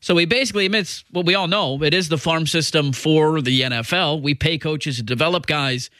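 A man with a slightly high, nasal voice co-hosting a sports talk show. His tone is bright, and he explains his points in animated, casual chat. The recording is dry and close. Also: fairly quick, dry recording. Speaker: sports radio co-host.

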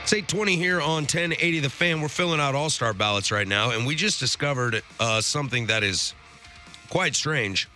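A man's voice: medium pitch, animated, normal speed, bright, forceful tone, soft background music. A man hosting a sports radio show from a studio, teasing his co-host in casual banter. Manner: sarcastic, teasing. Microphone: studio mic.

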